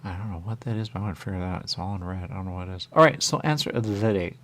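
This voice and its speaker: A man's voice: low voice, animated, rapid-fire, a bit bright. A man hosting a radio show, chatting casually and rambling to himself as he plays a game. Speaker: radio host.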